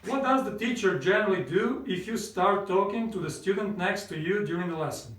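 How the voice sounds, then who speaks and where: A man teaching English, repeating each question twice in a slow, clear drill. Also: high voice, animated, fairly bright tone, distant mic. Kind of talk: drilled question-and-answer language lesson. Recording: roomy classroom sound from away from the mic.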